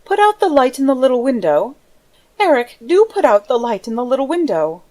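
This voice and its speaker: A frightened young woman pleads in soft, gentle tones, as a female reader voices her, her voice lifted higher than the narration. It is an audiobook reading. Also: big pitch swings, brisk. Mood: pleading.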